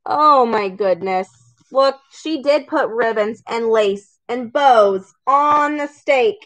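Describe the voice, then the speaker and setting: A woman reading a picture book aloud to children, slow, expressive and encouraging. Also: on the high side, no echo, low-quality recording. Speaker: storybook reader for children.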